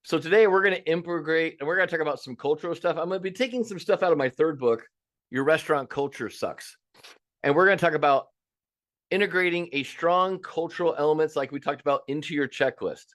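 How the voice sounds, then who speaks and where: Emphatic, energetic male restaurant coach. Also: on the high side, fast. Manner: energetic, emphatic, acts out owners' voices; casual and blunt, swears now and then. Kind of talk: coaching webinar presentation.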